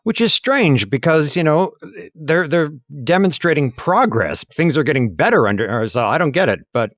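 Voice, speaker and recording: A man co-hosting a history podcast, talking in a relaxed, musing way with frequent fillers. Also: fairly high pitch, moderate pace, no room sound, studio quality. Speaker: podcast co-host. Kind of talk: casual history podcast chat. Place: lives in Taiwan.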